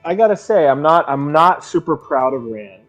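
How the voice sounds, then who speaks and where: A man's voice: a little high, animated, moderate pace, faint music behind. A man co-hosting a casual book podcast, musing over the plot in a hesitant way full of restarts. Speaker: podcast co-host.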